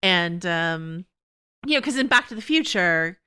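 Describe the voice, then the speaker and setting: A woman hosting a podcast, talking quickly and casually, full of fillers and laughs. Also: fairly low pitch, expressive, pushed and bright, smooth. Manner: quick, chatty, full of "you know" and laughs. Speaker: podcast host. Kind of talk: casual TV discussion chat.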